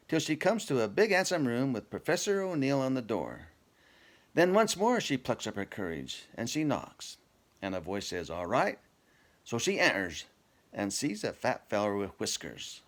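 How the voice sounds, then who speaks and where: A man reciting a comic poem from memory, telling it in broad northern dialect. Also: on the low side.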